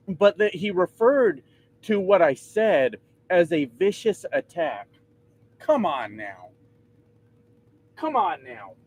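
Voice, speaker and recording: A man's voice: high-pitched, very animated, slow, long pauses, a little mellow, breathy edge. A man in his thirties ranting casually and profanely to his vlog audience from inside his truck, mocking himself along the way. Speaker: trucker vlogger.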